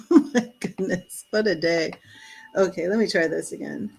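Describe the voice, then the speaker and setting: A woman's voice: lowish voice, moderate pace, gravelly, a little mellow, breathy edge, faint music behind, poor audio. A woman hosting a live-streamed tarot reading, chatting casually, laughing often and reading card messages aloud. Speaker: tarot reader.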